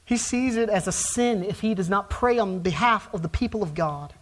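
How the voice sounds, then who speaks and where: A man preaching a sermon as pastor, swinging between quiet, low passages and loud, emphatic climaxes.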